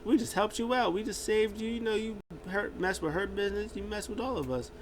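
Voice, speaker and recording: Man mimicking a cocky male wrestler, high and smug, bragging. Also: fairly quick, a little hiss or hum, lightly acted, poor audio. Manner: high mocking impression.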